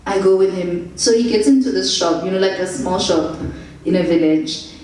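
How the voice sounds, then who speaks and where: A young woman tells travel anecdotes, animated and laughing often. Her voice is fairly low and mellow, and it sounds far from the mic in a very echoey room. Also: moderate pace. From South Africa. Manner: animated, laughs through anecdotes, acts out quotes. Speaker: storyteller. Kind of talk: casual travel storytelling.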